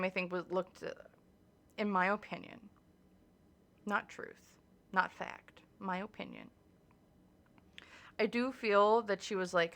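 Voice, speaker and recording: A woman's voice: mid-range voice, unhurried, long pauses, a bit bright. A woman doing a casual tarot reading, talking in a chatty, hedging way with lots of fillers and restarts. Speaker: tarot reader.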